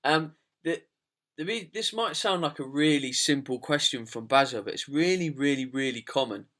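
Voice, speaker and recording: A man's voice: on the high side, expressive, moderate pace, a bit bright. A man hosting a podcast, chatting casually and explaining nutrition at length, repeating phrases as he goes. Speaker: podcast host.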